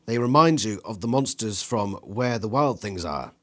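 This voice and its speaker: A man reading an interactive gamebook aloud in an animated way, acting out the sound effects with his voice. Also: fairly low pitch, normal speed. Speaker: reader.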